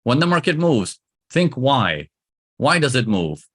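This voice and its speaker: A man's voice: medium pitch, sing-song, a little slow, fairly bright tone. A man teaching trading to a live audience, emphatic and repetitive, coaxing his listeners along. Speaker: trading instructor.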